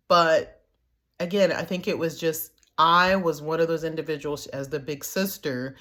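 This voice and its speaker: Low-voiced chatty woman. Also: fairly bright tone. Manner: chatty, laughs often, acts out quotes. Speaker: foster parent sharing stories. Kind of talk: casual storytelling to viewers.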